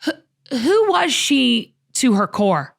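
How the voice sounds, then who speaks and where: Chatty fifty-something woman hosting, kinda high voice, lots of likes. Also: sing-song, slow, gravelly. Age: 50s. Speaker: podcast host. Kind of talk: interview conversation.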